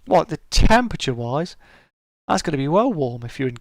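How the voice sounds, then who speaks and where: A man's voice: fairly high pitch, sing-song, brisk, no room sound, studio quality. A middle-aged man hosting a casual live-stream chat, greeting viewers by name and calling them mate.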